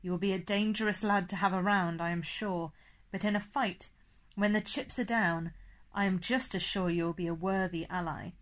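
A woman's voice: medium pitch, steady tone, moderate pace, lightly acted. A woman reading an audiobook, voicing a formal, commanding old male vampire who speaks stiffly and precisely, without contractions. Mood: approving.

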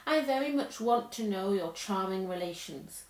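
A woman's voice: mid-range voice, animated, moderate pace, lightly acted. A woman doing a honeyed, scheming queen. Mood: coaxing. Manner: sweetly coaxing, lilting, commanding. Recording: roomy echo.

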